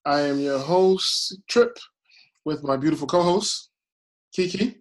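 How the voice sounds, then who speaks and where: A man's voice: on the high side, a little slow, low-quality recording. A man hosting a podcast, joking and playful, talking loosely with fillers. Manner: jokey, playful, loose, fills with "uh". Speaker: podcast host.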